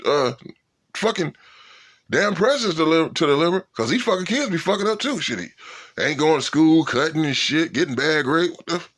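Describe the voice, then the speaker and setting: A man's voice: fairly high pitch, animated, brisk, a bit bright. A man in a casual, profane rant, swearing and sounding incredulous. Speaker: vlogger.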